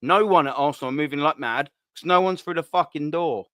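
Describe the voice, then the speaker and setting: A man's voice: fairly high pitch, brisk, a bit bright, dry recording, clean studio sound. A man hosting a fan show, ranting angrily, swearing and firing off repeated questions. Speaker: host. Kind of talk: heated fan rant.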